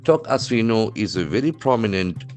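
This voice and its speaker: Faint music accompanies a very animated English trainer whose lowish voice is a little mellow and moves at a moderate pace. Speaking with an Indian English accent, he teaches vocabulary from the news, spelling words letter by letter and repeating each with heavy stress.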